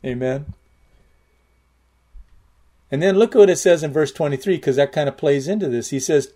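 A middle-aged man preaching a sermon in a conversational way, repeating and restarting words and slowing down to stress key lines. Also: a little high, animated, dark tone.

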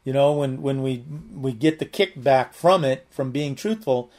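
A man's voice: medium pitch, a little slow, a little mellow. A man giving a conversational Bible teaching, earnest and plain-spoken, rambling with many restarts and fillers.

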